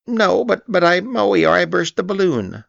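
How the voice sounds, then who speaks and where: A man voicing a timid, anxious little male piglet who stammers in a high squeaky voice, in a storybook reading. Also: very animated, normal speed, gravelly, fairly bright tone, no echo, exaggerated voice. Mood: nervous. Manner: stammering, nervous. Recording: dull lo-fi recording.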